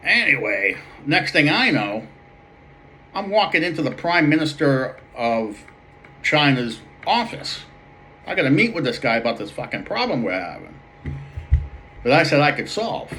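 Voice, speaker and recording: A young man with a thick Boston accent rambles through a profane barroom tale, swearing constantly and piling one aside on another. His voice sits on the low side. A faint hiss runs under the recording. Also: pushed and bright. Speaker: comedic storyteller. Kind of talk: character monologue.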